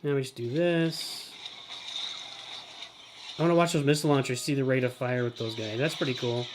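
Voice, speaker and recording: A middle-aged man hosting a live game stream. He gives running commentary, often calls himself by name in the third person, and breaks into excited shouts. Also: medium pitch, normal speed, background noise. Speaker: streamer host.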